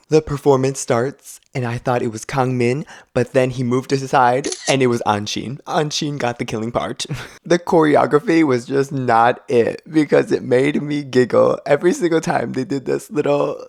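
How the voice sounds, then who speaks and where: Man, gravelly voice, dry close sound, snarky recap commentary, sarcastic. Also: mid-range voice, a little mellow, no echo. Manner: snarky, sarcastic, laughs between lines. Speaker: video recap host. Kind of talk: casual show recap commentary.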